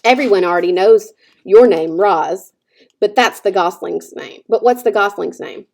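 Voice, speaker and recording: A woman voicing a blunt, bossy old gray goose who speaks in brisk, scolding squawks, read from a storybook. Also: mid-range voice, creaky, darkish tone, lightly acted.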